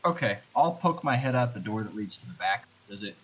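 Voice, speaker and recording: Fairly low-voiced male player. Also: expressive, brisk, fairly bright tone, breathy edge, poor audio. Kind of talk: tabletop role-play.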